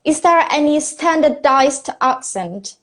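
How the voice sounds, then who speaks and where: Slow, high-voiced woman host. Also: animated, fairly bright tone. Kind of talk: live-stream interview.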